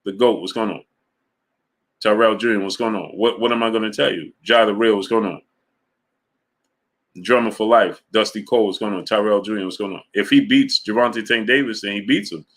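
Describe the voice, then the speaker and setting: A man hosting a live boxing talk stream, reading out super chats and greeting viewers by name between his points, getting louder and higher when he argues. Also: fairly even intonation, fairly quick. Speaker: boxing talk show host.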